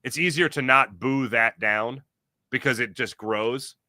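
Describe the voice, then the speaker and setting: A man hosting a live postgame sports podcast, reading viewer comments in an energetic, rambling, jokey way. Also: mid-range voice, a little slow, no echo.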